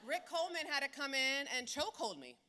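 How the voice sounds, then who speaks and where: Bright, blunt-talking woman keynote speaker. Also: sits high, brisk. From South Philadelphia. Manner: animated, blunt and profane. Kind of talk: comedic storytelling keynote.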